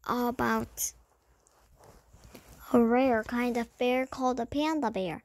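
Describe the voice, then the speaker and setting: A woman voicing a cheerful, eager young girl in a storybook, talking in a bright, chatty way. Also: fairly high pitch, steady tone, slow pace.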